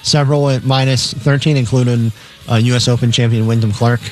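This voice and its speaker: Male co-host, mid-pitched, matter-of-fact line reader. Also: fairly even intonation, a little mellow. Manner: matter-of-fact, with filler pauses. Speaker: radio co-host reading betting lines. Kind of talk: reading game lines on sports radio.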